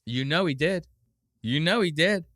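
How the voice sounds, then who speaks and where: A man hosting a podcast, casually mocking a clip with animated commentary and exaggerated impressions. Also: on the high side, a little slow, no echo, clean studio sound. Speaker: podcast host.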